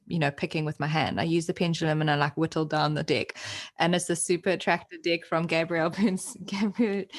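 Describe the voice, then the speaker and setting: A South African woman hosting a podcast, talking casually and reading a card aloud in an affirming way. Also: on the low side. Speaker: podcast host. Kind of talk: casual interview chat.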